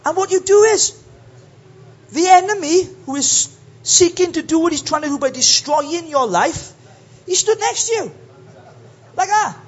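Male pastor, very high voice, lively preaching with acted asides, muffled lo-fi church tape. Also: a little slow, long pauses. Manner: animated, acts out voices and sings snatches of hymns. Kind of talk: sermon.

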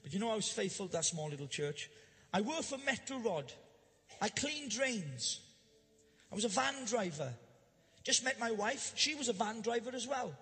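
A man preaching a humorous storytelling sermon to a church congregation, animated and jokey, building to loud emphatic bursts. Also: sits high, normal speed. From Wales. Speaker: pastor. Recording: live church hall reverb.

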